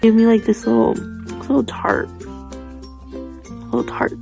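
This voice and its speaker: Excitable young woman unboxing squishies. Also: on the high side, measured pace, vocal fry, faint music behind. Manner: excitable, gushing, breathless gasps. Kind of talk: casual unboxing chat.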